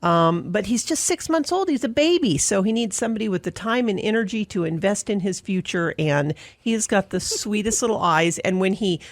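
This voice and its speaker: An upbeat woman from an animal shelter talks warmly about an adoptable dog on a morning radio show. Her manner is gushing and casual. The sound is dry and close. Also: medium pitch, animated, a little fast, few pauses, dry recording.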